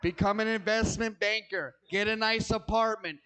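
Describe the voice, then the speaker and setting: A man's voice: sits high, steady tone, normal speed, sharp tone, clean tone, rough recording. A man doing a stand-up comedy set, ranting in a profane, agitated way and stammering through restarts.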